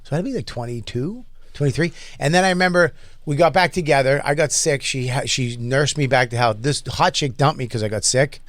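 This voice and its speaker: A man's voice: medium pitch, fairly quick, fairly bright tone, dry recording. A man hosting a casual comedy podcast, telling stories loosely with swearing and frequent laughs. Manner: storytelling with profanity and laughter. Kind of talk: casual chat.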